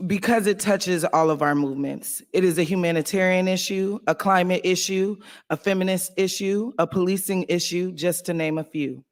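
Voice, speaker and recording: A man's voice: high voice, steady tone, normal speed. A man speaking on a symposium panel, delivering a prepared tribute speech in a rhythmic, list-building style with playful asides. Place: university event hall.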